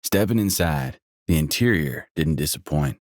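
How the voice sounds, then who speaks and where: A deep-voiced man narrates an audiobook in the first person at a moderate pace. The recording is dry, with clean studio sound.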